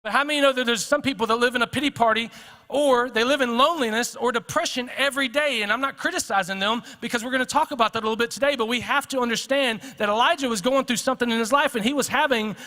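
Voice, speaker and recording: High, bright-voiced Texan pastor preaching. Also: male voice, fast talker, in a large hall. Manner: conversational preaching with repeated restarts and questions to the congregation. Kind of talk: sermon. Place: church sanctuary.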